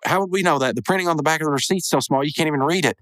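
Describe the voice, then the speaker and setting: A man voicing a whiny young male cartoon raccoon slacker, complaining in a high voice. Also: very fast, fairly bright tone, dry recording, lightly acted.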